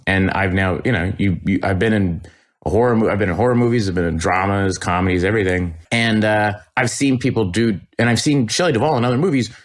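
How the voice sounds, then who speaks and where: A man, an actor, chatting in an interview, telling lively stories with quick impressions. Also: lowish voice. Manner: lively storytelling with impressions and laughs. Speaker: actor guest. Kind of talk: anecdotal interview chat.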